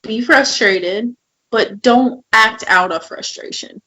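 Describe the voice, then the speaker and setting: A woman's voice: fairly high pitch, takes it slowly, sharp tone, low-quality recording. A woman co-hosting a podcast in casual chat, telling candid, emotional stories. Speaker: podcast co-host.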